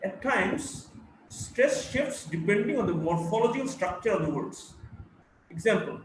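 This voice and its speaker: A man with an Indian English accent giving a college phonetics lecture, slowly reading out word lists and repeating key points. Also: sits high, animated. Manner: slow and deliberate, repeating words for drill. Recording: echoey room, mic far off, faint hiss.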